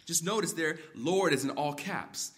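A man preaching an expository sermon, moving between quiet reflection and emphatic exhortation. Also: a little high, a little slow. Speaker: pastor.

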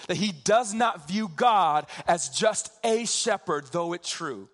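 A man preaching a sermon, slow and emphatic, drawing out key phrases for weight. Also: sits high, lively intonation, a bit bright.

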